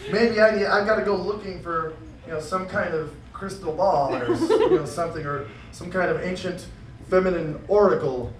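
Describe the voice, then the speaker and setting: A man doing an animated stand-up comedy rant with exaggerated outbursts at an event. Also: high-pitched, moderate pace, crowd noise. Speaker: comedic performer. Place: convention event room. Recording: echoey room from far off, noisy.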